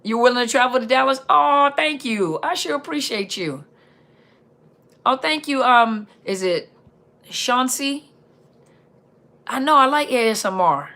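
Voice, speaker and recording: A woman's voice: animated, bright, forceful tone. A woman hosting a live Q&A stream, chatting casually and reading out viewer comments in an upbeat, chatty way. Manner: upbeat, chatty, reads out viewer comments with quick pitch jumps.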